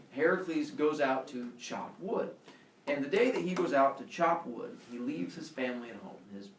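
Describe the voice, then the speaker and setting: Teacher guy telling a myth, super animated, roomy classroom sound. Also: mid-range voice, slight background noise. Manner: lively, playful, with sound effects. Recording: echoey room, mic far off.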